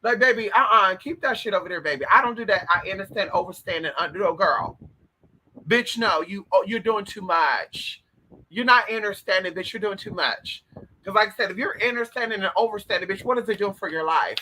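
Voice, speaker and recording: A man hosting a casual spiritual advice monologue, talking in a sassy, profane, animated way with sudden shouted bursts. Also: high-pitched, brisk, slight background noise, rough recording. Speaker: host.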